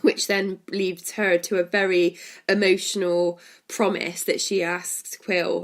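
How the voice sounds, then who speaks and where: A woman's voice: fairly low pitch, little pitch movement, slow pace. A woman, co-hosting a podcast and chatting casually about a film, retelling scenes and laughing often. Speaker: podcast co-host. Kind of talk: casual film review chat.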